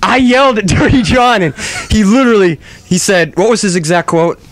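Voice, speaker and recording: A man hosting a comic radio show in a studio. He talks loud, profane and self-mocking, ranting into a handheld microphone. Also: high-pitched, brisk. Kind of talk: casual comic radio chat.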